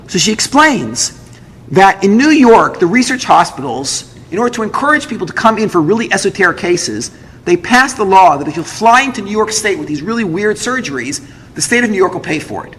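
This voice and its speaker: A man, a rabbi, telling a personal story to an audience, acting out the dialogue in an animated way. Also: brisk. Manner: lively, acts out dialogue with big pitch jumps. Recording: roomy hall with long reverb, faint noise.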